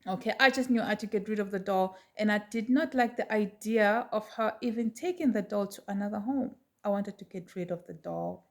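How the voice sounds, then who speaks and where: A middle-aged woman telling a personal story to her viewers in a chatty, animated way. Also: medium pitch, brisk, hardly any pauses. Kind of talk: casual storytelling to camera.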